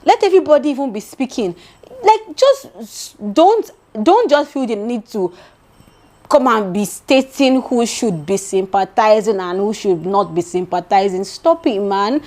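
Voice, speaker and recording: A woman's voice: on the high side, unhurried. A young adult woman with a Nigerian accent, chatting in a casual gossip vlog and speaking straight to her viewers as "my darling". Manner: animated and chatty, addresses viewers directly as "my darling". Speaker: vlogger.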